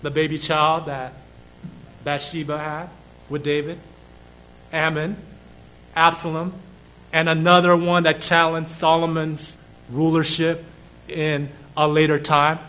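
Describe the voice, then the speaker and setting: A man preaching a sermon, asking rhetorical questions, reading scripture aloud and pausing for effect. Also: a little high, completely flat delivery, bright, forceful tone, poor audio.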